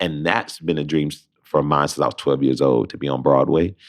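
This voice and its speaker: A man with a very low, deep bass voice tells his story with great animation, jumping into the voices of the people he talks about. He is a young adult from Detroit and a Broadway performer, speaking as a podcast guest in casual conversation. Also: a little fast. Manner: lively storyteller who acts out both sides of phone calls.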